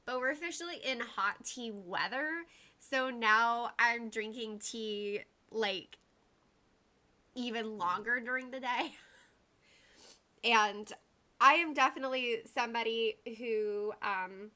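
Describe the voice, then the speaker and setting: A woman's voice: a little high, takes it slowly, bright, forceful tone. A woman hosting a casual livestream, rambling chattily and greeting viewers by name. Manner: uses y'all and like often. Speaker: livestream host.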